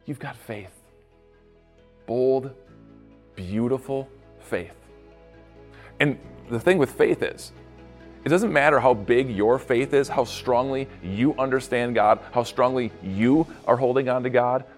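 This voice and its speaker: A male pastor giving a devotional podcast talk, telling the story in an animated way and acting out quotes. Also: slow, long pauses, soft background music. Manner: animated storytelling, acts out quotes with big pitch jumps.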